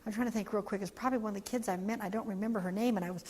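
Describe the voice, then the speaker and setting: A woman, an organization's founder, giving an animated storytelling talk for a training video, acting out the voices she quotes. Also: medium pitch, rapid-fire, slightly rough, big-room sound.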